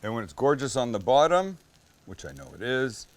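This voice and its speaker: A man's voice: medium pitch, big pitch swings, normal speed, slight background noise. Joking middle-aged man hosting a cooking show. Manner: enthusiastic, joking, mildly profane. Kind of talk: casual cooking demonstration. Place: kitchen with a flat-top grill.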